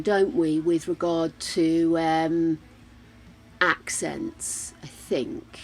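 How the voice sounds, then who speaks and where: A woman's voice: fairly low pitch, very animated, takes it slowly, darkish tone. An English woman streaming a game, chatting casually and thinking aloud as she plays, laughing often. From England. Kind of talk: casual chat while playing.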